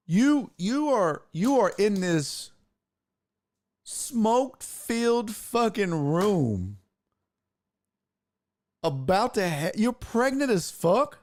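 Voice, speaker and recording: A man hosting a podcast, telling a comedic story in a profane, animated way and acting out what he said. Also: high voice. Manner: profane, animated, acts out his own quotes. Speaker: podcast host.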